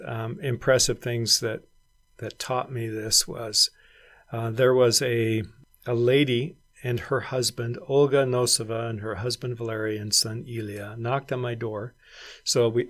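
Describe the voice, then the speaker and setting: A middle-aged man, a former missionary and regional director, reflectively recounting his years abroad in an oral history interview. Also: medium pitch. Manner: reflective storyteller who acts out quoted voices.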